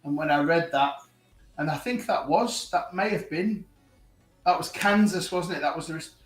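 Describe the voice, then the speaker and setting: A man rants with lively energy on a casual online panel. His voice sits a little high and sounds set back from the mic, in a room with plenty of echo. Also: moderate pace, recorded from a distance, soft background music. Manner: animated ranting, laughing at his own story. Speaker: panel guest.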